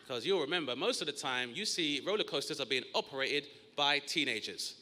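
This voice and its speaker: A stand-up comic works a theatre stage, his voice bright and lively, jumping high into squealing put-on yelps as he acts out his stories. The sound carries the long reverb of a large hall. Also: brisk, a little hiss or hum. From South East London. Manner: animated storytelling with loud high-pitched put-on yelps. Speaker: stand-up comedian. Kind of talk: stand-up comedy set.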